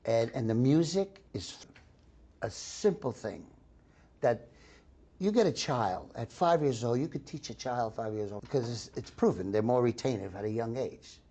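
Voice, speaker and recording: An older man, an actor being interviewed, talking in an excitable, rambling way full of restarts. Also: medium pitch, normal speed. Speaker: actor interviewed about a film. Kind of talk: casual interview.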